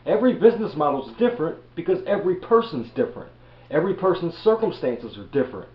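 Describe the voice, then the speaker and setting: A man's voice: fairly high pitch, sing-song, fast. A man in his thirties from Baltimore, giving a blunt, profane motivational rant as a reselling vlogger. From Baltimore, USA. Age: 30s. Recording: echoey room, dull lo-fi audio.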